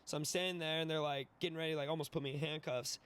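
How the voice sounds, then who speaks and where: A young man in his twenties, a podcast guest telling a wild story in an animated, profane way, laughing and acting out the voices. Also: on the high side, fast talker, clean tone. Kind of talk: casual storytelling.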